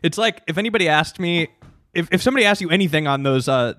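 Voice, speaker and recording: A man's voice: fairly high pitch, animated, fast talker, fairly bright tone. A man hosting a podcast, chatting loosely and jumping in with comments and questions. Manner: chatty, interjecting, loose phrasing. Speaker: podcast host. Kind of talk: casual chat.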